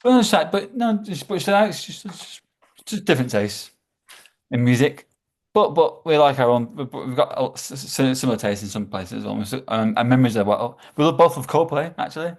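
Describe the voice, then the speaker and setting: A man's voice: medium pitch, animated. A man chatting casually as a podcast guest, stumbling over his words and repeating himself as he goes. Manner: halting, repeats words, trails off.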